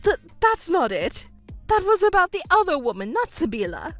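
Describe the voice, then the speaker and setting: Woman voicing a shrill self-pitying stepmother. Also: very animated, moderate pace, a bit bright, faint music behind, full character voice. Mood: desperate. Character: selfish whiny middle-aged stepmother. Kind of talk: texting story narration.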